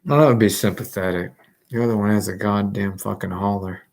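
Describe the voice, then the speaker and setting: A man rambling to himself, swearing often, laughing and swinging between loud outbursts and low muttering. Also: steady tone, brisk, gravelly. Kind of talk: rambling solo talk. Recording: echoey room, mic far off.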